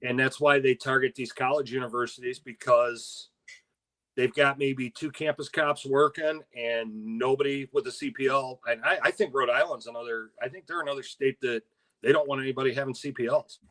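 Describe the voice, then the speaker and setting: Older male co-host, bright voice, easygoing chat with fillers and laughs. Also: medium pitch, fairly even intonation, moderate pace. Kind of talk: casual chat.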